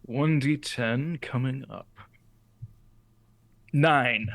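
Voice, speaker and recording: A man playing in a tabletop role-playing game, answering in short, relaxed remarks. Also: mid-range voice, extremely slow, creaky. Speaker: player. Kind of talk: casual chat at a game table.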